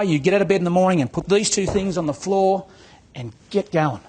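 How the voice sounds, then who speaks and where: A man with a high-sitting, darkish voice speaks briskly as a business coach giving a motivational talk to real estate agents. He tells a story, acts out its dialogue and repeats words.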